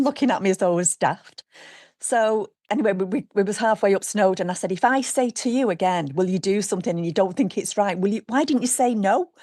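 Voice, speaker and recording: Woman, middle-aged, animated storyteller, conversational. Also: mid-range voice, a little fast. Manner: lively, animated retelling with acted quotes. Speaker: guest sharing her story.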